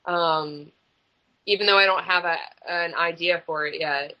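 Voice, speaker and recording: A woman's voice: fairly low pitch, fairly even intonation, unhurried, sharp tone. A woman, a guest author, chatting casually and animatedly on a podcast, swearing freely. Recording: slightly muffled recording.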